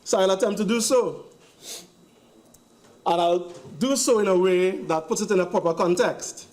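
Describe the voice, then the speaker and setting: A man's voice: sits high, normal speed, darkish tone. A man with a Trinidadian accent giving a sarcastic, emphatic speech in a parliamentary debate, hammering points through repetition. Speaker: member of parliament. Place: parliament chamber.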